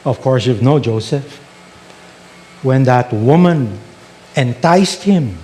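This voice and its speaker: A man's voice: medium pitch, animated, slow pace, pauses often, warm tone. A male pastor preaching a sermon, telling stories and asking rhetorical questions.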